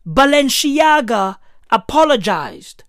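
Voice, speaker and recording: Heated, high-voiced woman ranting. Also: sing-song, takes it slowly, no echo, studio quality. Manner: sarcastic, heated, swears constantly; shouts at times. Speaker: commentator. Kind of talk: profane ranting commentary.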